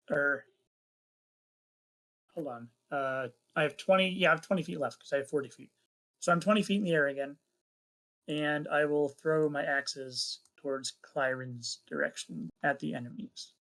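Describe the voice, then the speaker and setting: A player in a tabletop game who calmly talks through his moves and thinks aloud. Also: medium pitch, a little slow, pauses often. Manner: matter-of-fact, thinks aloud. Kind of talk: casual tabletop game chat.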